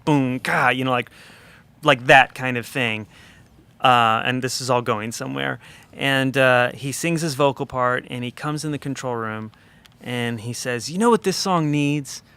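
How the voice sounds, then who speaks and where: A man in a studio conversation, a record producer telling an animated, chatty story with lots of fillers. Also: medium pitch, creaky, clean tone.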